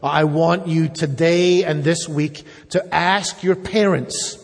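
A man's voice: on the high side, fairly even intonation, takes it slowly, creaky, hardly any pauses. A man preaching a sermon, earnest and emphatic, turning at times to speak directly to the children. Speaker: pastor. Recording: long reverb of a church hall.

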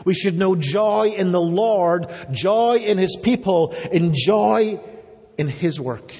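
A man's voice: high voice, animated, slow, a little mellow, husky. A man preaching a sermon, earnest and emphatic, turning at times to speak directly to the children. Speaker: pastor. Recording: long reverb of a church hall.

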